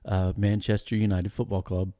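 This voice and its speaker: A man talking as a podcast guest, telling stories in a rambling, animated way with lots of restarts. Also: low voice, moderate pace, no echo. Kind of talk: casual storytelling chat.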